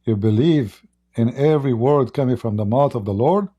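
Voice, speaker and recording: A man's voice: mid-range voice, moderate pace, warm tone, lo-fi sound. A man hosting a live-stream religious debate, preaching to callers and taunting challengers. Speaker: host.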